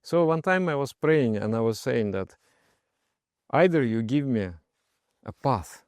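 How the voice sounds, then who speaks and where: A man with a gravelly, creaky voice and a medium pitch tells stories from his own life as a meditation teacher. He speaks as an in an expressive, emphatic way, with frequent hesitations. The sound is dry and close, with no room echo. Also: normal speed. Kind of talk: personal storytelling talk.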